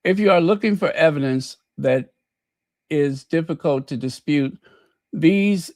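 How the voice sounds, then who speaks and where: A man's voice: on the high side, unhurried, darkish tone, no room sound. Man doing casual podcast commentary, folksy storyteller, dry close sound. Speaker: podcast host.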